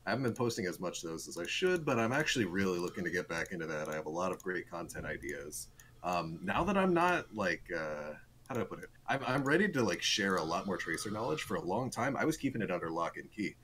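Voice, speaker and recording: A man's voice: deep voice, expressive, fast talker, fairly bright tone, slight background noise. A young man, a guest pro player, explaining eagerly in a casual podcast chat and chuckling often.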